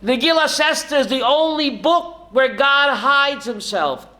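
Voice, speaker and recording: A male rabbi giving a lively Torah class, asking rhetorical questions and calling on listeners by name. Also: very high voice, a little slow. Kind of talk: Torah class to a live audience.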